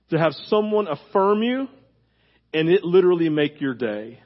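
A man preaching a conversational sermon as pastor, animated and casual, full of fillers, his voice leaping up when he gets fired up. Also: on the high side, normal speed, dull audio.

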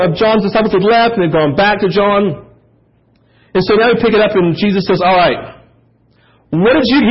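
A man preaching a sermon, telling the story in an animated way and acting out the quotes. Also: sits high. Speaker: pastor. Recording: dull lo-fi sound.

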